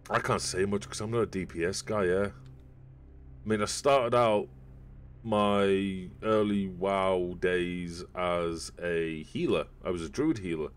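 A man streams a video game, talking to viewers as he plays in chatty, rambling, casual commentary. His voice sits low and moves at a slow pace. Slight background noise is present.

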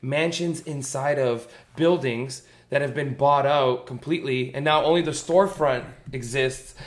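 A man from Canada, a comedian, telling an animated story in casual talk, swearing and acting out the people in it. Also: mid-range voice, unhurried, reverberant. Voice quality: swearing, acts out voices in his stories. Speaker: comedian guest.

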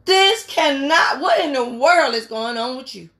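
Fervent woman preaching, higher voice. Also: lively intonation, a little slow, a bit bright. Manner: repetitive, exhorting, fervent. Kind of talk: impassioned sermon on a prayer line.

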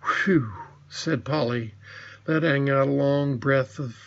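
A man's voice: medium pitch, fairly even intonation, measured pace, gravelly, muffled recording. A man narrating a children's storybook, reading with small slips and restarts. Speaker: audiobook narrator.

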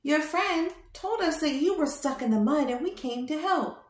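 Woman, children's show host, high voice, very slow and sing-song, roomy echo. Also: animated. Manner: slow, exaggerated sing-song delivery for toddlers. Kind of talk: teaching toddlers.

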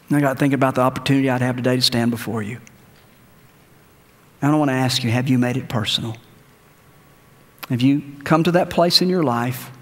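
Pastor preaching in a reverberant church. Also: male voice, mid-range voice, a bit bright. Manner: conversational preaching with anecdotes, ends in prayer. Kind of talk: sermon. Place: church sanctuary.

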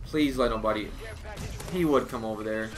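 A young man giving live commentary on his own gameplay, muttering callouts and bursting into frustrated yells. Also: fairly low pitch, normal speed. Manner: excitable, swings from muttering to yelling in frustration. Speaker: gamer streamer.

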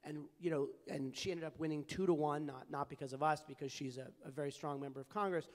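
A man's voice: fairly high pitch, fairly even intonation, quick pace. A young man from California speaking as a panelist at a public forum, earnest and anecdotal, with many fillers and restarts. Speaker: panelist, advocacy group founder. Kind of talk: panel discussion. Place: large hall at a public forum. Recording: long hall reverb.

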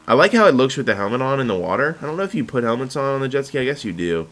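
A man's voice: mid-range voice, very animated, racing, few pauses, fairly bright tone. A young man giving rambling, jokey commentary over his own gameplay footage. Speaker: gaming video host.

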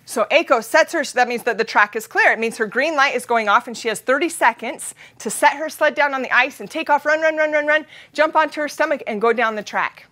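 A woman in her thirties from Utah giving an animated storytelling keynote, acting out voices and sound effects. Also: high-pitched, fairly quick, few pauses. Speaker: keynote speaker.

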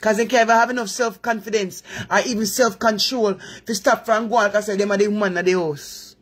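Jamaican woman, husky, preachy live-stream host advising viewers. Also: mid-range voice, fairly even intonation, fairly quick. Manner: earnest, advising, in patois-laced talk.

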